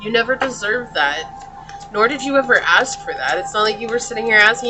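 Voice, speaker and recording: A woman's voice: mid-range voice, normal speed, over music. A woman doing a pick-a-card tarot reading, talking straight to the viewer in an earnest, consoling way. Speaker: tarot reader.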